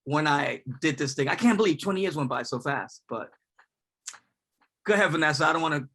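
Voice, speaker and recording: A man author speaks on a video panel. His voice sits a bit higher than most men's. He talks earnestly and casually, often pausing on fillers. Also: expressive, bright, forceful tone. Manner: earnest, conversational, with frequent fillers. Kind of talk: panel discussion.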